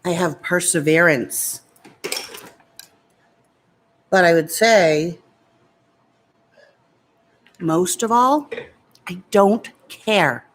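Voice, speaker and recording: A woman's voice: on the low side, extremely slow, long pauses. A woman beauty vlogger chatting casually while doing her makeup and answering viewer comments in a defiant, talkative way. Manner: defiant, chatty, talks back to critics.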